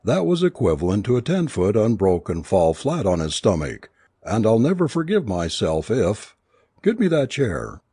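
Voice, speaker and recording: Man reading as a big brisk doctor, low husky voice, measured instructions, storybook. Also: huge pitch swings, dark tone, no room sound, clean studio sound, exaggerated voice. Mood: concerned, clinical.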